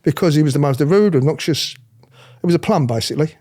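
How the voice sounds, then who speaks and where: A man's voice: on the high side, fairly quick. A middle-aged man, a former royal protection officer, telling blunt stories in an interview, swearing and mimicking the people he talks about. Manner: blunt, animated, swears freely, mimics others. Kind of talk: candid storytelling interview.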